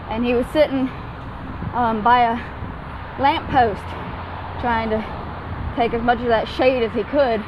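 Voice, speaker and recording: A breathless woman with a fairly high voice rambles casually as she walks. She is recorded outdoors, with clear street and traffic noise behind her. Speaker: vlogger in a played clip. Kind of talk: casual vlog while walking.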